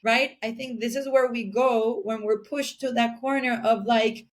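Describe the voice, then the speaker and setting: A woman's voice: a little high, steady tone, a little slow. A woman talking earnestly in a casual podcast chat as a guest giving parenting advice, sometimes acting out little scenes. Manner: earnest, acts out little scenes in other voices.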